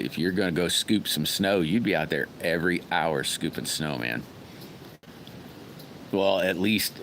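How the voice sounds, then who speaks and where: Deep-voiced folksy man chatting on a live stream. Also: a bit bright, a little hiss or hum. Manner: rambling and folksy, greeting viewers by name. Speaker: livestream host. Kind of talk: casual live-stream chat with viewers.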